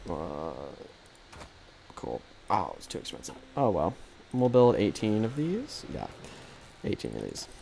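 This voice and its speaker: A man's voice: sits low, wildly swooping pitch, unhurried, creaky, mellow, a little hiss or hum. A man streaming a strategy game live, commentating casually in a rambling, jokey way that keeps correcting itself.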